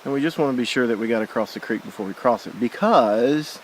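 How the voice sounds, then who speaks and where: A man's voice: medium pitch, fast talker, rough recording. A man with an ordinary mid-range voice narrates a casual hiking vlog outdoors beside a forest creek, recorded on a handheld camera. He rambles and thinks aloud, correcting himself mid-sentence. A faint hiss sits under the recording. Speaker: hiker filming his trip.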